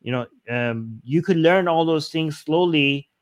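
A man's voice: a little high, a little slow, no echo. A man co-hosting a casual discussion, thinking aloud and arguing the other side of the point. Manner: thoughtful, argues the other side.

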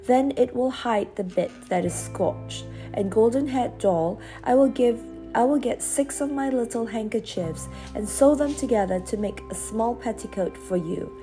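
A woman voicing a naughty, mischievous girl doll in a storybook reading, with shrill, pleading calls. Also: normal speed, hardly any pauses, mellow, soft background music, close to an everyday voice. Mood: eager.

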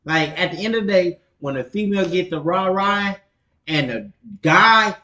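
A man's voice: high voice, expressive, moderate pace, pushed and bright. A man chatting casually as a podcast co-host, laid-back and slangy, often chiming in with short agreement. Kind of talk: casual chat. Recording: dull, roomy sound.

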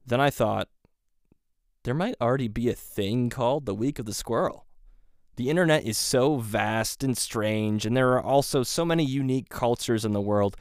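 Male podcast host, casual monologue, sarcastic, rambling, mid-pitched voice, dry close sound. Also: moderate pace, smooth, no echo. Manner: rambling, sarcastic, self-deprecating asides.

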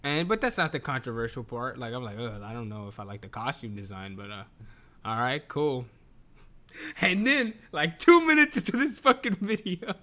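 Man, casual vlog rant, lively up-and-down delivery, bright edge, profane and rambling. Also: medium pitch, moderate pace. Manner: rambling, profane, keeps restarting, bursts into laughter. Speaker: video commentator.

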